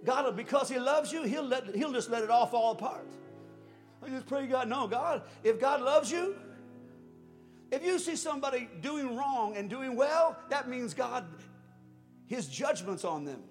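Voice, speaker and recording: A man preaches a sermon in a very high voice, trading quiet, drawn-out lines for shouted peaks and chuckling through his stories. His words ring with the long reverb of a large hall, and soft music plays faintly underneath. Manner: swings from hushed to shouting; storytelling with chuckles.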